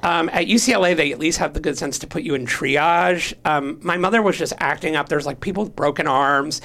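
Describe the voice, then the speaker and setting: A man's voice: fairly high pitch, brisk, vocal fry, fairly bright tone. A man who is a podcast guest, telling a story in a casual way and acting out other people's voices. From Los Angeles area, US.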